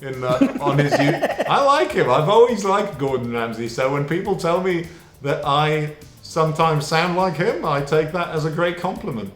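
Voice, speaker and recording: A man's voice: a little high, lively intonation, moderate pace, fairly bright tone, reverberant, faint music behind. A man from Israel with British-tinged English, chatting easily as a guest in a casual interview. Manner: easygoing, amused, loose and rambling.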